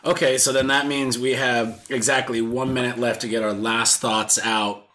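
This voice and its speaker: A man's voice: mid-range voice, little pitch movement, moderate pace, sharp tone. A man hosting a casual podcast chat, joking and rambling while eating spicy food. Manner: joking, rambling, laughs through pain. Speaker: podcast host. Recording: noisy home recording.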